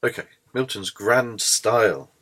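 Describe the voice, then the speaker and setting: A man's voice: on the low side, unhurried, a bit bright, a little hiss or hum. A man giving a screencast lecture on poetry, thoughtful and explanatory, with frequent ums and restarts. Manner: hesitant, many ums and restarts.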